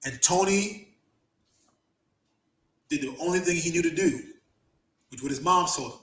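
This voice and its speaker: A man hosting a podcast, telling profane, animated stories, laughing often and acting out the people he quotes. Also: on the high side, unhurried, long pauses. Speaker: podcast host and former wrestler. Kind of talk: casual storytelling chat. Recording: roomy echo.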